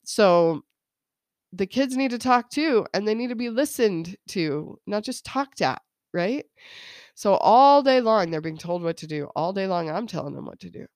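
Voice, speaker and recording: A woman's voice: mid-range voice, animated, moderate pace, a little mellow, no echo, studio quality. A woman in her thirties hosting a casual solo podcast about parenting, chatty, laughing often and quoting her kids. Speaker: podcast host.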